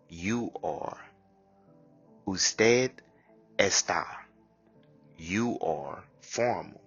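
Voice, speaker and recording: A man teaching a language lesson, drilling short phrases slowly and deliberately with pauses. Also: sits low, fairly bright tone, breathy edge, muffled recording, faint music behind.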